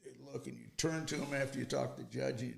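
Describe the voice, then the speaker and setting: A man's voice: mid-range voice, fairly even intonation, fast talker, vocal fry. A man in his seventies, a guest telling rambling old stories in casual talk and quoting others in dialogue. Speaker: guest, storytelling father. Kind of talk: casual storytelling.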